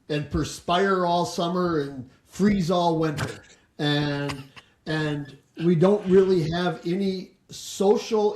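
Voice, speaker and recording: A man's voice: a little high, darkish tone. A man hosting a business podcast, talking casually and rambling with many restarts before he asks a question. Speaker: podcast host, home inspector. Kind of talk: casual interview chat. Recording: echoey room.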